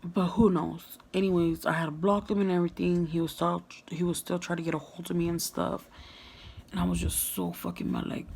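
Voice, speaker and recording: A woman's voice: fairly low pitch, level tone, brisk, vocal fry, darkish tone, a little hiss or hum. A young woman vlogger telling a candid storytime, frank and full of swearing and "like". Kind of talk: casual storytime monologue.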